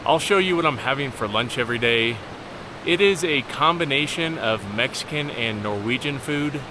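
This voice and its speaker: A man narrating his long-distance hike in a dry, deadpan vlog style, delivering jokes flatly. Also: mid-range voice, moderate pace, noisy background. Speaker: hiking vlogger. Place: outdoors on a mountain trail.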